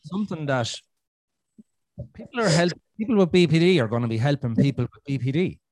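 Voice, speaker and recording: A man's voice: on the high side, expressive, brisk, darkish tone, no room sound. Rambling Irish man, dry sound. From Ireland. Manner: rambling, swears freely, restarts often. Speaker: podcast host. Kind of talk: casual chat.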